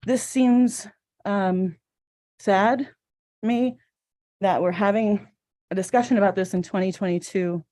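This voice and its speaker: Casting: woman in her forties, mellow voice, heartfelt public comment, a little choked up. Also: medium pitch, unhurried, pauses often. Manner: earnest, emotional, a little choked up. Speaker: resident giving public comment. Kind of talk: public comment at council meeting. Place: city council chamber.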